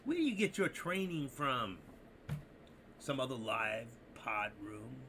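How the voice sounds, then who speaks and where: A man hosting a live trading stream, talking to viewers in an excitable, rambling, joking way. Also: medium pitch, slow, heavy background noise. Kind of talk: casual live-stream commentary.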